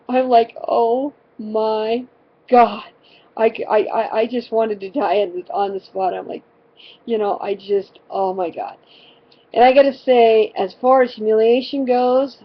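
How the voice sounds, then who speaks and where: A woman's voice: fairly high pitch, muffled recording. A woman, a mother, rambling through a funny family story with constant fillers, dramatic and exasperated. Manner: rambling, fills with constant "you know". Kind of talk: casual personal storytelling.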